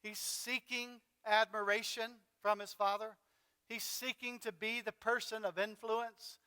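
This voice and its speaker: Man preaching a sermon, conversational storytelling, crisp bright voice. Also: sits high, little pitch movement, measured pace, long reverb tail. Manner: conversational, dramatic retelling with fillers. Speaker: pastor. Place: church sanctuary.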